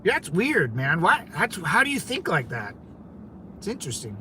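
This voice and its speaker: A man's voice: a little high, huge pitch swings, moderate pace, pushed and bright, slight background noise. A man from California hosting a casual livestream, rambling conversationally and talking back to his viewers, with lots of "man" and "dude". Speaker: livestream host.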